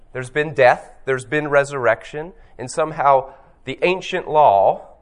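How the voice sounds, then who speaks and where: A man teaching about scripture in a reflective, storytelling way, slowing down to stress key phrases. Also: mid-range voice. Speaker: Bible teacher.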